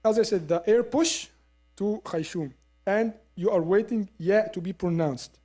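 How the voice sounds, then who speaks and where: A woman teaching Quran recitation in a lesson, explaining step by step and modelling the sounds slowly with repeats. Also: mid-range voice, dark tone, faint music behind. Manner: explains step by step, asks listeners to agree. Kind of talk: classroom lesson.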